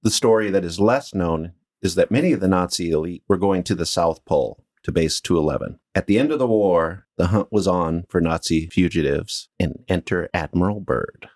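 A man's voice: sits low, expressive, moderate pace, few pauses, darkish tone. A man co-hosting a podcast, telling a story from his notes with dry teasing asides. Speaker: podcast co-host.

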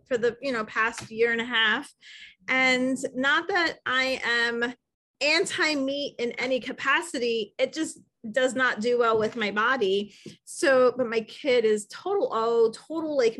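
A woman co-hosting a podcast, chatting casually and acting out her own reactions with lots of fillers. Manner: animated, acts out her own reactions in high voice. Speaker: podcast co-host. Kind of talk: casual chat.

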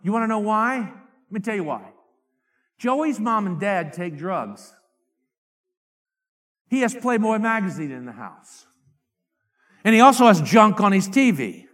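Middle-aged preacher, high bright tenor, fiery revival delivery with shouts and hushed asides. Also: male voice, lively intonation, a little slow, pauses often. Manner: swings from shouted outbursts to low confiding asides. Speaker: evangelist.

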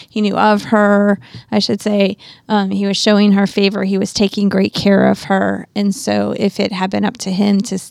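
A woman's voice: mid-range voice, creaky, dry recording, clean studio sound. A woman co-hosting a casual Bible study talk, affirming her partner and adding her own thoughts. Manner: supportive listener with frequent short affirmations. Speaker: co-host of a Bible study podcast.

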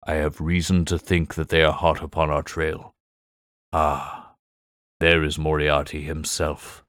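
A brilliant middle-aged detective, read by a man, speaks calmly and with measured, faintly superior poise. The voice sits very low. The sound is dry and close, with no room around it. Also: no echo. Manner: calm, measured, quietly superior. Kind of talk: audiobook character voice.

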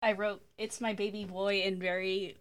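A woman co-hosting a podcast, adding quick playful quips to the chat. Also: mid-range voice, level tone. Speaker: podcast co-host. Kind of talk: casual chat.

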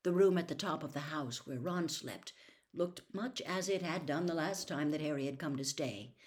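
Low-voiced woman reading a story aloud. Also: moderate pace.

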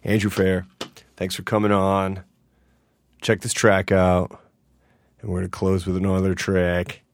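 A man hosting a podcast in casual chat, animated and jumpy, cursing freely. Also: deep voice, a little slow, a little hiss or hum. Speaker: podcast host.

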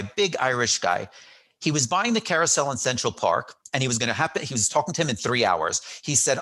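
A middle-aged man telling a story in a casual chat, animated, acting out quotes and often restarting his sentences. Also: medium pitch, fairly quick. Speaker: guest.

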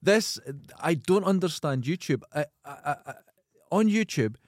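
A man's voice: on the high side, expressive, no echo, studio quality. A Scottish man co-hosting a podcast in casual chat, breaking in with disbelieving questions. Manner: incredulous interjections, quick to laugh. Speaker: podcast co-host.

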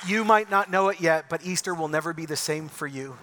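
A man preaching an Easter sermon as pastor, moving from impassioned calls to a quiet, earnest prayer. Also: on the high side, a little fast, a crowd in the background, background noise.

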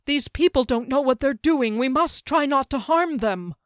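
In a dry, studio-quality recording, a woman voices an earnest, alarmed male mage, lightly acted. Her voice is high-pitched, raised above her natural range, at a moderate pace.

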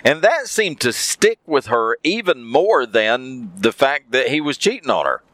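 A man's voice: mid-range voice, very animated, a little slow, a bit bright, dry recording. A man telling a story in a casual monologue, repeating phrases for emphasis.

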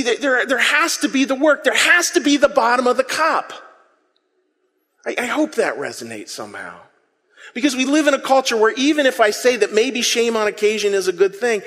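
A man preaching a sermon to a congregation. He talks in a lively, conversational way and has the audience repeat phrases back to him. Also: high-pitched, in a large hall. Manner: animated, conversational preaching with audience call-and-response. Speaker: pastor.

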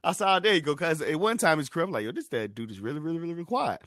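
A young man hosting a sports talk podcast, talking in a loose, animated way with lots of fillers. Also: on the high side, very fast, dry recording, clean studio sound. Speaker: podcast host.

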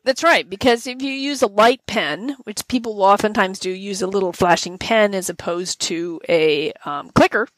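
A woman in casual conversation, talking in a relaxed, thoughtful way and often restarting her sentences. Her voice sounds dry and close to the mic, with little room sound around it. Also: mid-range voice, moderate pace, few pauses, no echo.

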